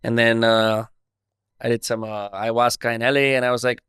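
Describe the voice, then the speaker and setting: Smooth-voiced man, Indian accent with American twang. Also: medium pitch, level tone, moderate pace, fairly bright tone, no echo, clean studio sound. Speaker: podcast host. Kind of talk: casual interview chat.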